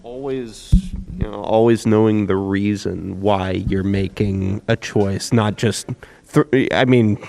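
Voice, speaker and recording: A man's voice: on the low side, fairly even intonation, creaky, darkish tone, slight background noise. A man on a convention panel, a voice actor chatting casually and joking with many restarts. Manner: joking, quick laughs, restarts.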